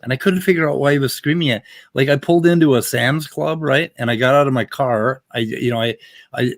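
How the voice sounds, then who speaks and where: A man from the United States telling a story casually, animated and swearing often. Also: medium pitch, fairly quick, vocal fry, no room sound. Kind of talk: casual conversation.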